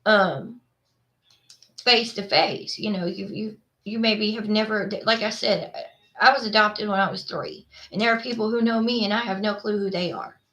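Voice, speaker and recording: A woman's voice: medium pitch, normal speed, a bit bright. A woman hosting her own vlog, talking casually to her viewers in a rambling way with lots of fillers and restarts. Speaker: vlog host.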